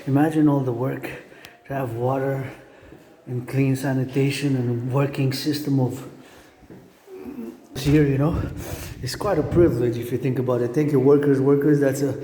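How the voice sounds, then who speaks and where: A man's voice: medium pitch, fairly even intonation, mellow, a little hiss or hum. Rambling man chanting marching cadences. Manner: rambling, repetitive, chants slow drawn-out cadence calls. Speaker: vlogger.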